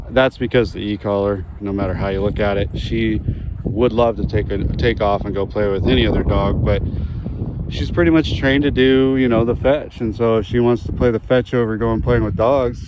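A man from Oregon filming himself training his dog outdoors on a handheld phone, talking quietly to the camera and calling out high and excited to the dog. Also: background noise. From Oregon, USA. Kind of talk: casual vlog narration. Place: outdoors, playing fetch with a dog.

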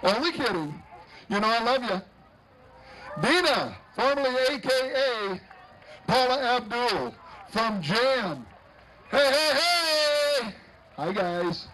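A middle-aged man announcing a street parade outdoors, joking with the crowd and shouting cheers. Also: very high-pitched, very animated, slow pace, pauses often. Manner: jokey, upbeat emcee, often shouting cheers. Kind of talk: live event announcing. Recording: noisy outdoor parade recording.

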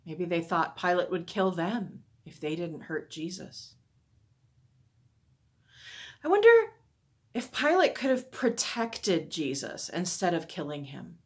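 A woman on a church staff reading a Bible story aloud to children, expressive and asking wondering questions. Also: on the low side, measured pace, husky.

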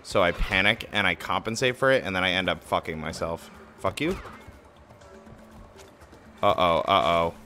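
A man giving live commentary while he plays a game. He is excitable, swears a lot and mocks his own mistakes. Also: low-pitched, moderate pace, long pauses, faint music behind. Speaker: game streamer.

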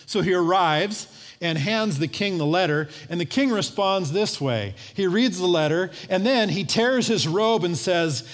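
A man preaching a sermon as pastor, telling a story in a lively way and acting out the voices of its people. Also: high voice, a little slow. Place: church sanctuary. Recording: long church hall reverb.

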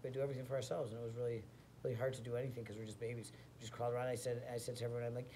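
A man tells an absurd tall tale in a rambling, mock-boastful way. His voice has an ordinary, mid-range pitch for a man. A faint background hiss sits under the recording. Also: little pitch movement, racing, mellow. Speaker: comedy storyteller.

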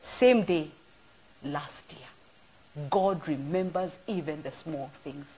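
Husky, low-pitched woman pastor; expressive, storytelling sermon delivery. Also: takes it slowly. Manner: animated storyteller with exclamations. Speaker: church apostle. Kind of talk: informal live-streamed sermon.

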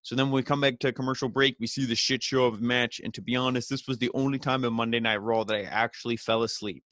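A man's voice: mid-range voice, fairly even intonation, fast, fairly bright tone, no echo, clean studio sound. A man hosting a podcast, giving a casual, rambling recap full of "you know" fillers and paraphrased quotes. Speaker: podcast host.

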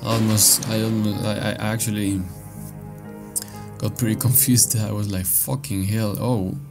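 A man's voice: on the low side, little pitch movement, normal speed, creaky, music in the background. A man commentating his own playthrough of a horror game, swearing a lot and reacting with startled outbursts. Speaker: gameplay commentator. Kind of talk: let's play commentary.

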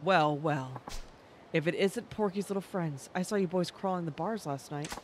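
A woman's voice: on the low side, moderate pace, a little mellow, slight background noise, natural voice. A woman voicing a tough, brash woman fighter who mocks and bosses people, with game music behind. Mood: taunting. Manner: scornful, swaggering.

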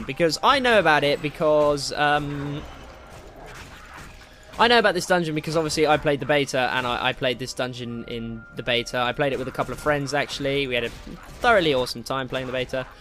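A man giving casual, excitable commentary while playing a game, swearing and taunting enemies. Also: fairly high pitch, slight background noise. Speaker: gameplay commentator.

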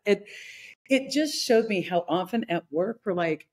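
A middle-aged woman talking in a relaxed conversational podcast, telling a workplace story and acting out the people in it. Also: medium pitch, a little slow, breathy edge. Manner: animated, acts out quoted people in her stories. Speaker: leadership consultant and host.

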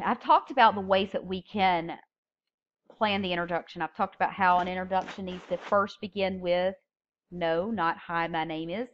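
Woman lecturing on public speaking, lo-fi. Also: fairly low pitch. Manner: expressive, stresses key words when reading examples. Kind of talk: recorded classroom lecture.

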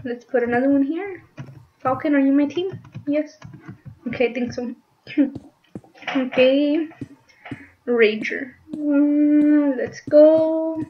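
High-voiced giggly young woman gamer. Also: slow pace, long pauses. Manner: chatty, giggly, squeals when startled. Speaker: gaming channel host. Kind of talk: casual gameplay commentary. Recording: dull lo-fi mic with faint noise.

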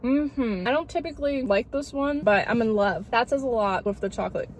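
A woman's voice: a little high, brisk, slight background noise. Chatty young woman reviewing food outdoors. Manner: chatty, gushing, lots of "like" and hums of delight. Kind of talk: casual vlog review. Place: outdoors near a road, cars passing.

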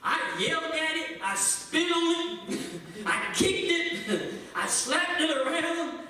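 A man preaches with a high, bright, ringing voice. He swings from loud preaching to quiet asides in a folksy way. He is caught from a distance in a very echoey church hall, with a faint hiss behind him. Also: lively intonation, slow. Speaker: pastor. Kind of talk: sermon. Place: church sanctuary.

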